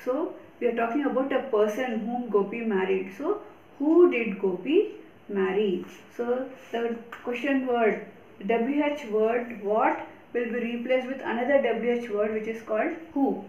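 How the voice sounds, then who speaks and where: A woman's voice: fairly high pitch, darkish tone, muffled recording. Woman teaching grammar in an echoey room. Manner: slow, deliberate explanations with repetition. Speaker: English teacher. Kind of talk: recorded grammar lesson.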